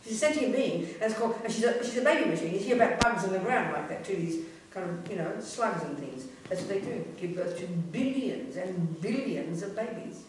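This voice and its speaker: A woman's voice: mid-range voice, animated, a little fast. A Buddhist nun teaches in a blunt, earthy, emphatic manner. Her voice rings around a very echoey hall and is picked up from a distance, with faint noise underneath.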